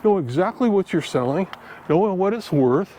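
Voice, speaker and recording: A man's voice: sits high, animated, moderate pace, dark tone, a little hiss or hum. Folksy older man telling a story. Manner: folksy, chatty, acts out dialogue in his own voice. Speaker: vlogger giving selling tips. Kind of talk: casual storytelling monologue.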